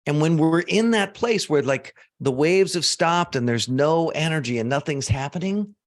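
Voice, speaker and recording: Guy coaching a crowd on manifesting, kinda high voice, goes quiet then punches words hard, lots of "like". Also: moderate pace. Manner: animated, swings from soft low asides to loud emphatic bursts; casual, uses fillers like "like" and "you know". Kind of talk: motivational teaching talk to an audience.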